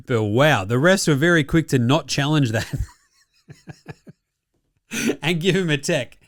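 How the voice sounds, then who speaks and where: Jokey, crude Australian bloke hosting a basketball recap; animated, dry recording. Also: male voice, fairly high pitch, slow, long pauses, dry recording. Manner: profane, jokey, laughs often. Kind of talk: casual sports recap commentary.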